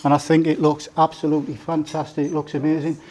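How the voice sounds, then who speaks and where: Man, fifties, father of the bride, joking wedding speech, storytelling, somewhat high voice. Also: little pitch movement, quick pace, a little mellow. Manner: joking, storytelling, teasing the groom. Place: indoor wedding reception room.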